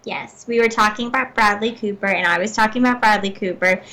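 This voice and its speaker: A woman's voice: medium pitch, fast talker, sharp tone. A woman co-hosting a talk show, bubbly and enthusiastic in casual chat. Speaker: co-host.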